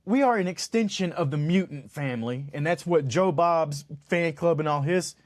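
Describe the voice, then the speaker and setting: A man whose voice sits on the high side co-hosts a casual podcast at a moderate pace, congested and stuffy-nosed. He jokes and rambles animatedly, and he's a Utah resident who formerly lived in Los Angeles.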